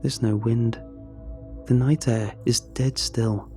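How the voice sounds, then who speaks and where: A man narrating a first-person horror story in a measured, tense, scripted way. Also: medium pitch, steady tone, a little mellow, faint music behind.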